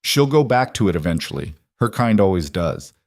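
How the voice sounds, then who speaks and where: A man's voice: sits low, sing-song, moderate pace, darkish tone, dry recording, studio quality. A man voicing a cruel frontier man who talks in a sneering, contemptuous way.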